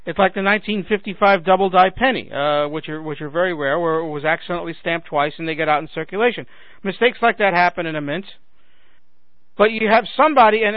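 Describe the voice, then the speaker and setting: A high male voice on a dry recording with a phone-like radio tone. In his forties, he hosts political talk radio, sarcastically ranting and addressing listeners as ladies and gentlemen while losing his voice and clearing his throat.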